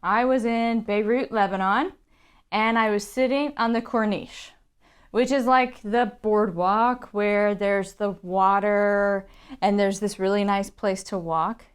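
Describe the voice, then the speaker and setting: A young woman teaching English pronunciation, telling stories in an animated way and laughing often. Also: medium pitch, takes it slowly, clean tone. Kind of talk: casual teaching to camera.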